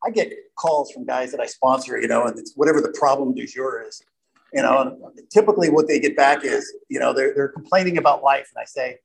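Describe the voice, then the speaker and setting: A man's voice: mid-range voice, brisk, gravelly, rough recording. A man speaking to a group at a recovery meeting, conversational and self-deprecating, often checking in with "right?".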